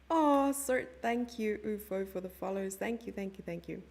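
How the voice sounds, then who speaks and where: A woman's voice: medium pitch, normal speed, hardly any pauses, darkish tone. A young South African woman commentating a chess stream live and chatting with her viewers in a giggly, casual way. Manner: chatty, giggly, reads chat messages aloud.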